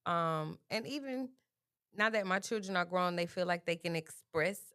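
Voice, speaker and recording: Bright, animated middle-aged woman. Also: fairly low pitch, moderate pace, clear, resonant tone. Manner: animated, lively storytelling. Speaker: panelist. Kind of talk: casual chat.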